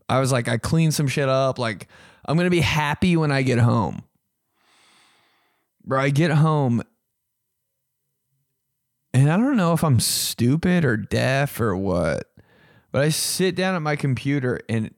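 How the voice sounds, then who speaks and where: Animated, profane young man telling stories. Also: no echo, clean studio sound. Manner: animated, profane, mimics beeping in a high squeak. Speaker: comedian podcast host. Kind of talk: casual comedic storytelling.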